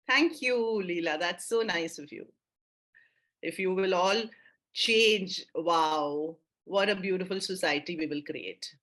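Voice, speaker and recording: A woman's voice: mid-range voice, bright, forceful tone. A woman leading an online mindfulness workshop for teachers, upbeat and encouraging, with lots of praise for her audience.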